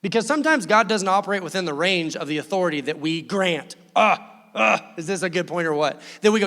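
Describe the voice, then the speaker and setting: A male pastor preaching an animated sermon, acting out quoted voices as he goes. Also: high voice, fast. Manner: animated, acts out quoted voices, laughs often. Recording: long reverb of a church hall.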